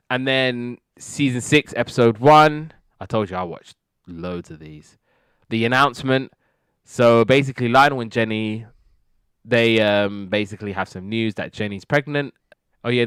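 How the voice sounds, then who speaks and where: Man, casual TV recap host, rambling with fillers, smooth voice, dry close sound. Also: fairly low pitch, a bit bright, dry recording. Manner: rambling, filler-heavy, slips into quoted character voices. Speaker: TV review podcast host. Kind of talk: casual retelling of TV episodes.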